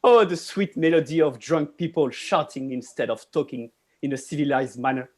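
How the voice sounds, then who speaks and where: A man performing a stand-up set over a video call, in a slow, mock-blissful ironic delivery. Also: fairly high pitch. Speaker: stand-up comic.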